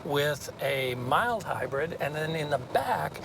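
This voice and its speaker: A man explaining a car in a relaxed, chatty way as a reviewer. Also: on the high side, takes it slowly, creaky, noisy background. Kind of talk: casual explanation. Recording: music bed under voice.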